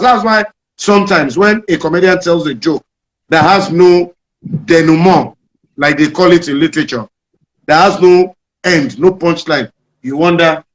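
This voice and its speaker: A Nigerian man, a comedian being interviewed, explaining his craft and telling jokes in an animated storytelling manner with a Nigerian accent. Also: on the high side, moderate pace, rough recording. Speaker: comedian guest.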